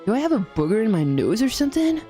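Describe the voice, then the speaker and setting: A woman's voice: a little high, sing-song, fast talker, dark tone, faint music behind. A young woman streaming a game, giggling often and cracking crude jokes while reading the dialogue aloud.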